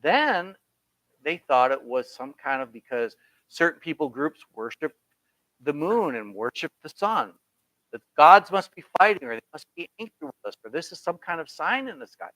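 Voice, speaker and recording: New guy teaching bible study, bright voice, kinda high, lots of "you know" and "right?" asides. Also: sing-song, moderate pace, no echo, rough recording. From New York. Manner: conversational, folksy asides and rhetorical questions. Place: church Bible study room. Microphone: computer streaming the class.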